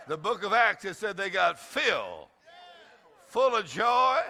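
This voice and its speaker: An older man giving an exuberant sermon as guest preacher, shouting and laughing loudly. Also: sits high, very animated, measured pace, a faint crowd. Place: church service.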